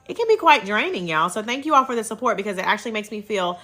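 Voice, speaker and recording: A woman's voice: mid-range voice, very animated, fast, heavy background noise. A woman hosting a casual herbal wellness livestream on her phone, chatty and upbeat, thanking viewers as she goes.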